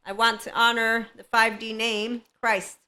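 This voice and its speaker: A woman's voice: on the high side, level tone, measured pace, bright, forceful tone. A woman hosting a spiritual self-help podcast, talking in a playful, rambling way and laughing often. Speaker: podcast host.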